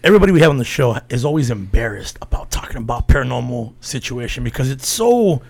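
Gravelly joking man hosting a podcast. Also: medium pitch, big pitch swings, quick pace, a little mellow. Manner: loose, profane, joking. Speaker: podcast host. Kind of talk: casual chat.

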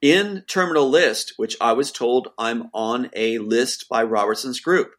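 A man's voice: mid-range voice, unhurried, fairly bright tone. Insistent man telling his story. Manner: insistent, rising to pleading outbursts. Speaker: guest. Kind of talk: emotional personal account.

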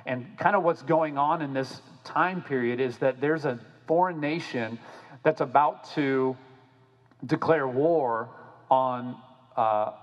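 Man, pastor, sermon, animated, repeats words, mid pitch, long hall reverb.

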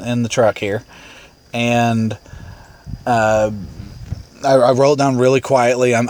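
A man telling a rambling, self-amused anecdote casually, with restarts and chuckles. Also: medium pitch. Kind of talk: casual storytelling.

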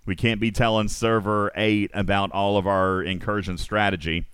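A man's voice: lowish voice, moderate pace, clear, resonant tone, no room sound, studio quality. A man hosting a live stream, reading comedic news and joking with friends in a playful, teasing way. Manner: playful, joking, animated, drifts into silly asides. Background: music playing behind.

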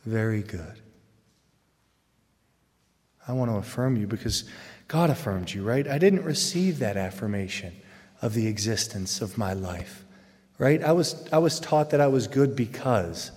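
Animated man speaking in a reverberant hall. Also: on the low side, measured pace, long pauses. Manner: animated, jokey, with loud excited bursts. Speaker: Catholic speaker. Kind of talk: humorous faith talk to a live audience. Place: large hall with audience.

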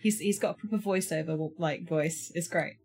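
A British-accented woman who grew up in Somerset co-hosts a relaxed book podcast. Her voice sits a touch low for a woman. She teases herself freely and laughs easily. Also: normal speed, breathy edge. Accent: British English. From Somerset, England. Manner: self-mocking, laughs often. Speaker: podcast co-host. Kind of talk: casual chat.

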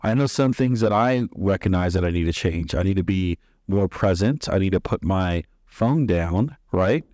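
A man's voice: low voice, animated, normal speed, few pauses, darkish tone, dry recording, clean studio sound. A man hosting a casual, rambling chat with his sons, affectionate and joking. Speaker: father and podcast host.

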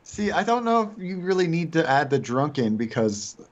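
Easygoing podcast co-host, a man at mid pitch on a dull, muffled mic. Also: very animated, normal speed. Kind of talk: casual podcast chat.

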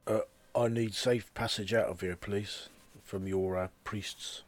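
A man's voice: fairly low pitch, fairly even intonation, measured pace. A man playing a tabletop game, speaking in character in a wry, matter-of-fact way. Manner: wry, matter-of-fact, talks back plainly. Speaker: player. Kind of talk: casual in-character play.

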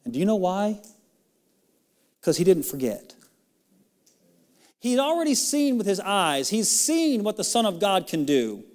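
Impassioned male preacher, higher voice. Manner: impassioned, pitch climbing sharply on emphatic questions; reads old-style scripture in a quick, steady run. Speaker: pastor. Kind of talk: sermon with scripture reading.

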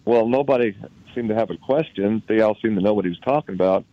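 Recalling events from his own life as a conversation guest, a Utah man halts frequently and repeats words. He has a lowish voice, captured in dull-sounding audio.

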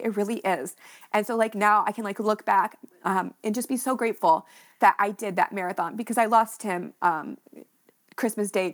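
Heartfelt young woman telling a running story. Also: mid-range voice. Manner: heartfelt, frequent "like" and "you know" fillers. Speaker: podcast guest, runner. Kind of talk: emotional interview storytelling.

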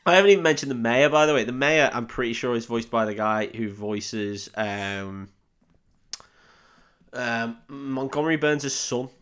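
Casting: male podcast co-host, mid-pitched, loose and rambling recap delivery, casual swearing, laughs while acting out lines. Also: unhurried, fairly bright tone, smooth. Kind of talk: casual film recap chat.

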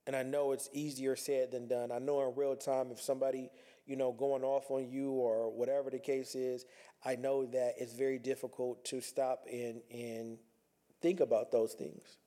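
Earnest man with a mellow voice. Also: medium pitch, flat delivery, moderate pace. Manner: earnest, conversational, repeats and restarts phrases. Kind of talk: reflective personal monologue.

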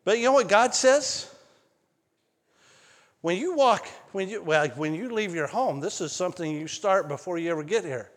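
A man preaching a sermon as pastor, telling stories in an animated way that climbs high when excited. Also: moderate pace. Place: church sanctuary. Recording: long hall reverb.

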